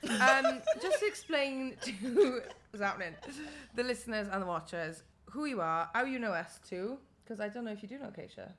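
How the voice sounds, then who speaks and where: A woman's voice: a little high, animated, moderate pace, few pauses, a bit bright, a little hiss or hum. A woman hosting a podcast in casual chat, rambling and giggly, swearing now and then. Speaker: podcast host.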